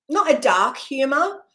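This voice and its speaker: Rambling, laughing woman with a high voice. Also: fairly bright tone. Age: middle-aged. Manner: rambling, full of fillers and laughs. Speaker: spiritual channel host. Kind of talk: casual spiritual talk.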